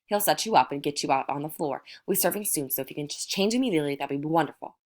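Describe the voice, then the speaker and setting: A poised society hostess, read by a woman, speaks in short, clipped commands. The voice sits low and carries a brisk, businesslike edge. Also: animated. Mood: curt.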